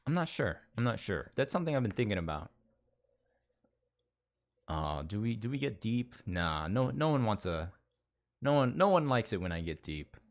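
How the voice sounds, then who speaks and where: In a sing-song, fairly low voice at a moderate pace, a Las Vegas livestream host pauses often as he chats casually with his audience. He rambles, begins sentences again, and reads viewers' messages aloud.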